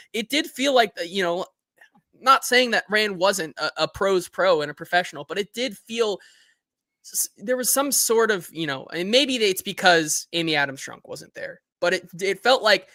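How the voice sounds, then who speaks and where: Male sports podcast host, bright forceful tone, animated delivery, dry close sound. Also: sits high, normal speed, no room sound. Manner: animated, reads listener comments aloud. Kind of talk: casual sports talk.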